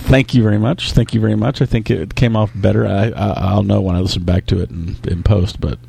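A man's voice: lowish voice, fairly even intonation, brisk, creaky, dark tone, slightly rough, dry recording. A man co-hosting a casual tech podcast, thinking aloud in an analytical way. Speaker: podcast co-host.

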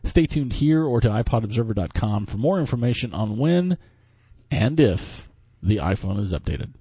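Man, tech podcast co-host, mellow, breathy, relaxed explainer. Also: lowish voice, normal speed, dry recording.

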